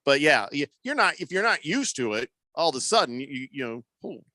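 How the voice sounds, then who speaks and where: A man's voice: on the high side, sing-song, brisk, pushed and bright, dry recording. A man hosting a radio sports show, rambling and joking about himself in casual talk. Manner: rambling, joking, self-mocking. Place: radio studio.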